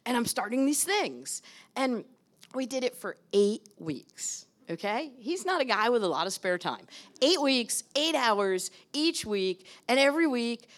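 A woman's voice: on the high side, big pitch swings, a little slow. A middle-aged woman giving a candid, conversational storytelling talk to an audience, acting out the dialogue she recounts. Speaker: speaker addressing an audience.

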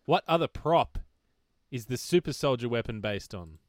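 A man co-hosting a casual podcast, running a trivia quiz in a brisk, dry way. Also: mid-range voice, lively intonation, dry recording. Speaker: podcast co-host, quizmaster. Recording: noisy background.

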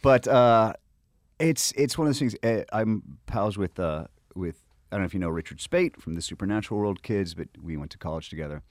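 American actor guest, lower register, swings wide in pitch, swears freely, heated and emphatic, dry close mic. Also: male voice, brisk, no echo. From United States. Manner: animated, profane, emphatic ranting. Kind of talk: casual conversation.

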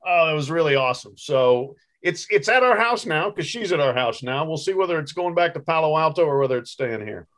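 Middle-aged man with a fairly high voice. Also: animated, brisk, few pauses, a bit bright. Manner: easygoing, laughs often, tells stories fondly. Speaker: guest sportswriter. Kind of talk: casual interview chat.

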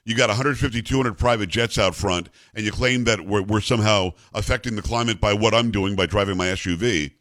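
This man's voice sits on the low side with a fairly bright tone, with no room sound. Raised in South Florida, he hosts a talk radio show and rants rapidly, offering forceful, opinionated takes.

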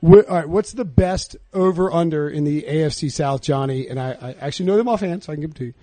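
A man hosting a casual sports podcast, quick and joking as he leads the questions. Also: on the high side, warm tone, dry recording. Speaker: podcast host.

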